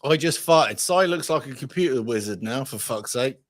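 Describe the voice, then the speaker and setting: Man, livestream host, casual rambling chat, sweary, animated pitch, dry close sound. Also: normal speed, dry recording.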